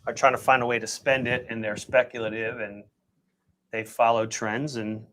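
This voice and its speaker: A man's voice: medium pitch, little pitch movement, normal speed, fairly bright tone. A man co-hosting a casual live stream, giving opinionated, rambling explanations.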